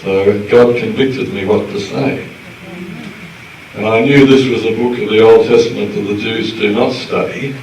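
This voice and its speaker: A man's voice: lowish voice, fairly even intonation, normal speed, darkish tone, a little hiss or hum. An older man, a pastor, telling a humorous story in a sermon with chuckles between lines. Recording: roomy hall, mic at a distance, faint ambience.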